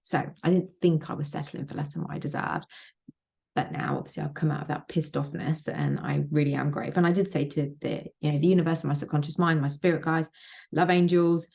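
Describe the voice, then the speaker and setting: A woman talks through her inner-work routine with blunt, emphatic energy, repeating her points and swearing freely. Her voice is low and gravelly, with frequent vocal fry. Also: fairly even intonation, a little fast, darkish tone. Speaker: manifestation coach. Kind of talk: casual motivational vlog.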